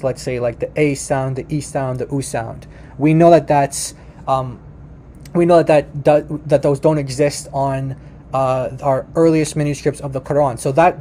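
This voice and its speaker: A man's voice: fairly high pitch, warm tone, a little hiss or hum. A man presenting a lesson in a casual way, restarting his sentences often and talking straight to viewers. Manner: many fillers and restarts, addresses viewers as you guys; repeats words slowly for the listener. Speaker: presenter teaching about Aramaic. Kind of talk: casual explanatory talk to viewers.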